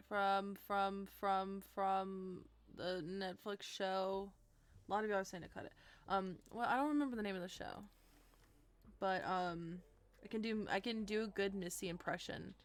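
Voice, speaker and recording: A woman's voice: medium pitch, a bit bright. A young woman streaming to her viewers in a bubbly, giggly casual chat.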